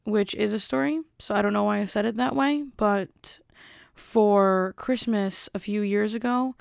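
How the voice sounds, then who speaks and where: A woman's voice: mid-range voice, unhurried, vocal fry, no room sound, clean studio sound. A young woman vlogger chatting casually and rambling, often interrupting herself. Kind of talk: casual rambling chat to camera.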